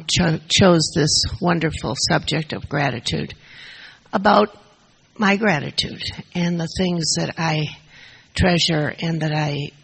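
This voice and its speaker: Husky, gravelly older woman, nervous and emotional. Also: sits low, fairly bright tone, rough recording. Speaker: speaker at a recovery meeting. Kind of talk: personal testimony to a group. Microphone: shared handheld mic.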